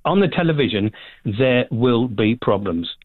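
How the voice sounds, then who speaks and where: A man's voice: mid-range voice, animated, measured pace, no room sound. A man from England calling into a radio show, indignant and tripping over his words. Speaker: radio caller. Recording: tinny dry phone line.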